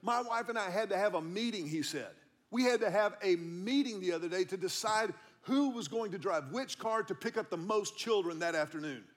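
A man's voice: high voice, expressive, moderate pace. A middle-aged man, a pastor, preaching a sermon in a church in a conversational, storytelling way, repeating key lines for emphasis. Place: church auditorium.

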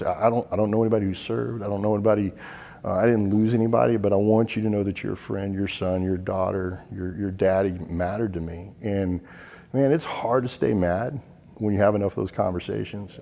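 A middle-aged man, a military veteran, tells stories in an interview, earnest and halting, often repeating words as he goes. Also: on the low side, mellow, long reverb tail. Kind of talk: interview storytelling.

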